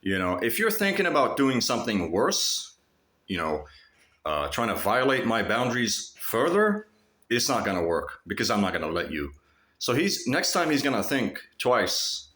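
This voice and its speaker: A man's voice: on the low side, wildly swooping pitch, moderate pace, sharp tone, roomy sound. A man telling a story in a casual, profane vlog monologue, mimicking other people mockingly. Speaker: vlogger.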